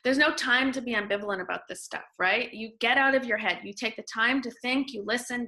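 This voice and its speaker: Woman guest, Canadian-born, bright, forceful tone, animated storyteller who restarts sentences. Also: fairly high pitch, a little fast. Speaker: podcast guest, author. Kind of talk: casual interview talk.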